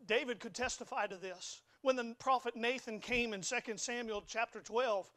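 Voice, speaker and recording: A man's voice: very high-pitched, moderate pace, a bit bright. A young man preaching a sermon in a church, folksy and emphatic, often stammering and repeating words. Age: young adult. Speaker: pastor. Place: church sanctuary.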